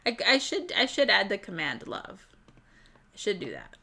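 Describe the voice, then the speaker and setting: A woman's voice: mid-range voice, wildly swooping pitch, moderate pace, gravelly, pushed and bright. A woman hosting a live stream, chatting casually with viewers, giggling often and stumbling over words. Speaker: livestream host.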